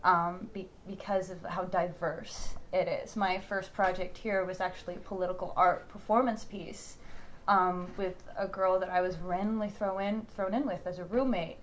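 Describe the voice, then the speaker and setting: A woman's voice: fairly low pitch, normal speed, slight background noise. A young woman from Houston, Texas, an actress talking casually in an interview, telling stories with lots of fillers and laughs. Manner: animated storyteller, many fillers and laughs.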